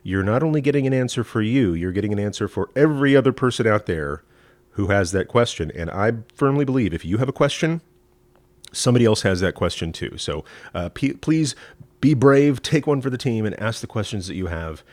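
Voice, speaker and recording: A rabbi from East Texas with a Southern accent, hosting a live-streamed teaching talk in a folksy, rambling way with many fillers. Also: male voice, fairly low pitch, animated, a little fast, darkish tone, no echo. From East Texas, USA. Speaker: rabbi and show host.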